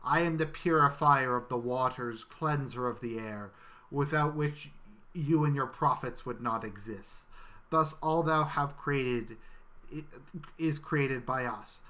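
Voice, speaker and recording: A man voicing a pompous, wrathful male bureaucrat god who booms grandiose proclamations. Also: a little slow, bright, forceful tone.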